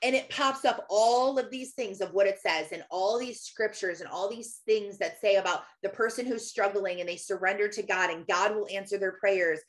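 A woman's voice: medium pitch, normal speed, few pauses. A woman in her thirties giving a casual, earnest faith talk, chatty and laughing often as she acts out quotes. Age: 30s. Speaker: Christian podcaster and author.

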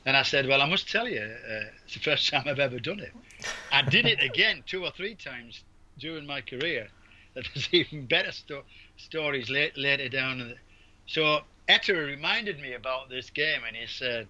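A man's voice: mid-range voice, moderate pace, bright, forceful tone. An English man, a former referee, telling rambling anecdotes in an interview, with restarts and laughs. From England. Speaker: guest, former basketball referee. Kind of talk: storytelling in an interview. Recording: dull lo-fi audio.

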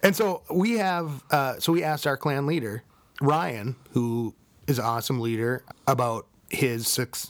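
A man hosting a casual podcast in a relaxed, meandering way. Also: medium pitch, measured pace, no echo. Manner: easygoing, many fillers and restarts. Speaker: podcast host.

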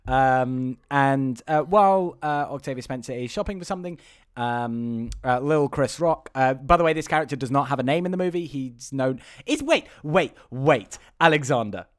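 A man co-hosting a podcast, rambling through a film recap with loud, incredulous outbursts. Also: mid-range voice, normal speed, clear, resonant tone, dry recording, studio quality. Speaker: podcast co-host. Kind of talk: casual chat recapping a film.

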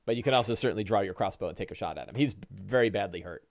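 A man narrating as game master, describing combat and breaking into loud monster voices. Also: on the low side, very fast, creaky. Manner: lively narration with shouted orc voices.

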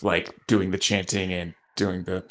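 A man's voice: low voice, level tone, measured pace, fairly bright tone. A man playing a tabletop role-playing game, asking questions with small stammers. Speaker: player. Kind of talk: casual game chat.

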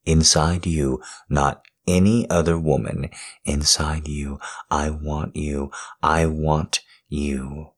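A man in a whispered role-play, speaking in a slow, intimate, coaxing murmur that moves between whispers and a low voice. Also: little pitch movement. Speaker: audio role-play performer.

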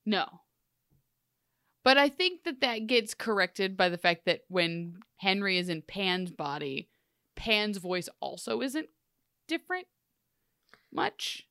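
A woman's voice: medium pitch, big pitch swings, slow pace, pauses often, bright, forceful tone, no echo, clean studio sound. A woman co-hosting a casual TV recap podcast, enthusiastic and opinionated, often laughing. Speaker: podcast co-host.

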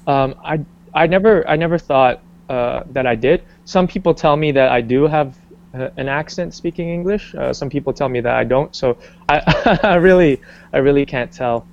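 Young dude chatting in an interview, lots of likes and you knows, bit lo-fi sound. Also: male voice, fairly high pitch, moderate pace, vocal fry. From Canada. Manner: rambling, many restarts and fillers, animated when quoting. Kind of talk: casual interview conversation.

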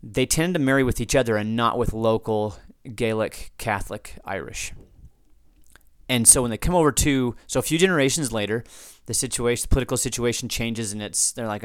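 A man's voice: medium pitch, a little fast, clear, resonant tone, no room sound. Man, podcast host, off-the-cuff rambling talk, resonant tone, dry sound. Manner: rambling, off-the-cuff, frequent restarts and asides. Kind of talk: unscripted podcast talk answering listener feedback.

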